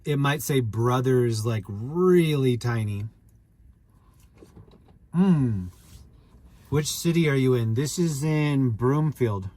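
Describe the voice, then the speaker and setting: A man's voice: medium pitch, lively intonation, slow, long pauses, darkish tone, no echo. A man casually chatting on a live stream, joking, rambling, and greeting viewers by name.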